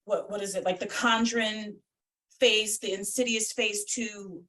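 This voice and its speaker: A woman's voice: mid-range voice, steady tone, a little slow, pushed and bright. A woman psychic medium chatting casually as a guest on a video call, blunt and swearing freely. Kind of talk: casual chat. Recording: distant from the mic.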